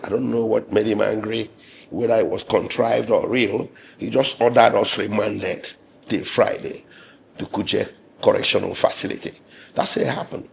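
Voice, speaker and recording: Hoarse, gravelly man. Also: lowish voice, slight background noise. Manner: measured and indignant, with pauses and fillers. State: hoarse, losing his voice. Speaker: lawyer and interviewee. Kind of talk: interview recounting an ordeal.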